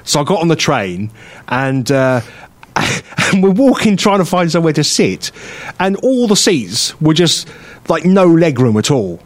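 A man hosting a radio chat show, spinning an anecdote with a lot of animation. His voice sits a bit high and jumps around a great deal. He talks casually, like he's among friends. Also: measured pace. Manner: animated storyteller who acts out other people's voices and laughs often. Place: radio studio.

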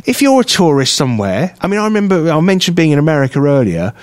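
A man from London with a London English accent, co-hosting a casual radio chat show and telling animated stories, often mimicking people in a high, excited voice. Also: quick pace, no room sound. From London, England. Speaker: co-host. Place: radio studio.

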